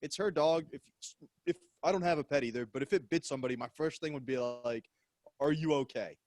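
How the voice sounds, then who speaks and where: A man's voice: fairly high pitch, fast, darkish tone. Laid-back wry co-host, man. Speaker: podcast co-host. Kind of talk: casual comedic chat.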